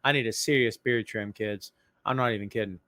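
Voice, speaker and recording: A man's voice: on the low side, steady tone, fairly quick, sharp tone, no echo, clean studio sound. A man hosting a casual podcast livestream, joking around and greeting viewers in the chat by name. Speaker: podcast host.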